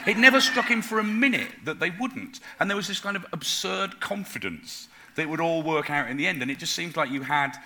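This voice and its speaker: A male interviewer in a relaxed conversation, speaking in a lively, conversational way. His slightly high voice rises and falls a great deal and sounds very bright. A faint noise runs under the recording. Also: fairly quick, few pauses. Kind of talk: casual chat.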